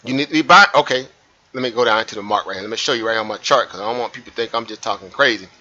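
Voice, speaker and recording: A man hosting a live trading stream, talking viewers through a price chart in an animated way, repeating points and asking rhetorical questions. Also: fairly low pitch, very fast. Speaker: trading livestream host. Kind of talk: live market commentary over a chart. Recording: muffled lo-fi stream audio.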